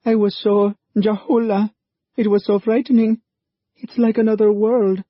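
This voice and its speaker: A woman's voice: mid-range voice, flat delivery, a little slow, no echo, pitched above the performer's own voice, close to an everyday voice. A male narrator voicing a frightened teenage girl who is out of breath and panting. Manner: panting, shaky. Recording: muffled dull recording.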